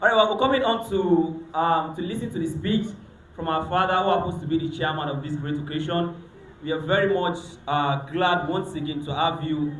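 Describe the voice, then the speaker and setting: A Nigerian man emceeing a youth gathering, his voice high and bright as he teases the audience and slips into pidgin and Yoruba. He talks into a handheld mic, and the sound bounces around an echoey hall. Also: a little fast, a little hiss or hum. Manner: teasing, mixes pidgin and Yoruba, calls out to crowd. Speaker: event host, master of ceremonies. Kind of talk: lively emcee banter with audience. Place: event hall. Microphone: handheld microphone.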